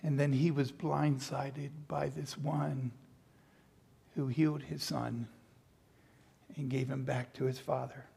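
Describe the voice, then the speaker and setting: A man delivers a sermon in an unhurried, deliberate way, his voice gravelly and a little husky. He reads scripture aloud and then retells the story with playful asides, acting out the people in it. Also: medium pitch, little pitch movement, mellow. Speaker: pastor.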